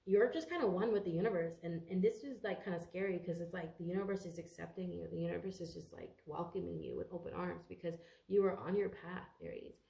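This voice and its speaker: A congested woman talks through a tarot reading in a loose, rambling way, cursing casually and tripping over words. Her voice is low, dark and gravelly with plenty of fry. The room around her is echoey. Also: fast, hardly any pauses. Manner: rambling, swears freely, stumbles over words. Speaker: tarot reader.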